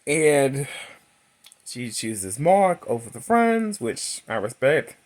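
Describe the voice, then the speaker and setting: A man in his thirties talks through a movie in a chatty, gossipy review. His mid-range voice swoops up and down freely, and he jumps into a high voice to act out characters and breaks into laughs. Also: very slow, pauses often. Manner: chatty and animated, acting out quotes in a high voice, laughing. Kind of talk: casual movie recap and review.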